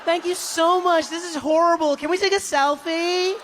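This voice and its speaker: A pack of shrill, gushing tourists, mimicked by a male comedian. High, breathless cries tumble out one after another. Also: steady tone, moderate pace, fairly bright tone, slight background noise. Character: gushing tourists in a tour group.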